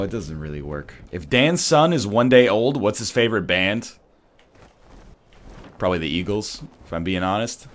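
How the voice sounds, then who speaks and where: A man's voice: fairly low pitch, animated, normal speed. A man riffing and joking sarcastically in casual stream chat. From Canada.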